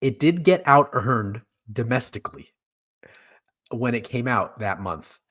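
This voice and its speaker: Male podcast co-host, animated intonation, laughs easily, hesitant delivery. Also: mid-range voice, unhurried. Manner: laughs a lot, hesitant with many ums. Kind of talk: casual movie ranking chat.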